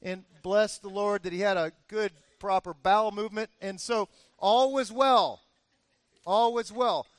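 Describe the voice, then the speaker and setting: A man in his forties preaching a sermon as pastor, telling a lively family story and acting out the cheers. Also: high voice, unhurried, no echo. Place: church.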